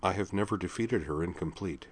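A man's voice: low-pitched, fairly quick, breathy edge. A man reading a story aloud, voicing a blunt young woman fighter who talks in clipped, formal sentences without contractions. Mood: quiet.

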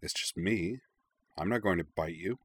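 A man voicing a kind grown man who speaks softly and soothingly. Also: low voice, animated, fast, husky, no room sound, heavily acted. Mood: reassuring. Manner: soft and soothing.

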